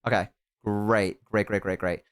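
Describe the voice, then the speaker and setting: A man streaming live, talking quickly in a joking, mock-indignant way. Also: on the low side, steady tone, fairly bright tone, clear, resonant tone, dry recording, studio quality. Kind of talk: casual live-stream chat.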